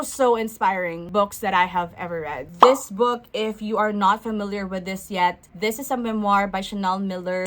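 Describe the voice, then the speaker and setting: A woman's voice: medium pitch, a bit bright. A young woman reviewing books in a casual vlog, effusive and emphatic, repeating words for stress. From Philippines. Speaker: book vlogger.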